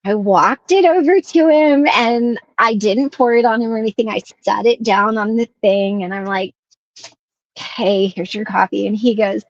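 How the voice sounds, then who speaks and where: A woman co-hosting a casual chat show, telling a story with animation and acting out quotes in a higher voice. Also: normal speed, no echo, highs cut off. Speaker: co-host.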